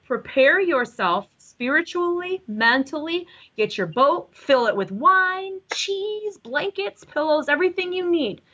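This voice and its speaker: A woman's voice: high voice, very animated, measured pace, hardly any pauses, bright, forceful tone, lo-fi sound. A woman giving live psychic readings to callers, chatty and rambling, often correcting herself. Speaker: psychic reader.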